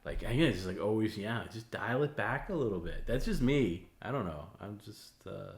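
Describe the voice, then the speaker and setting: A man's voice: on the low side, expressive, moderate pace, echoey room, slight background noise. A man hosting a casual late-night stream, talking in a rambling way with many fillers and restarts. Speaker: host.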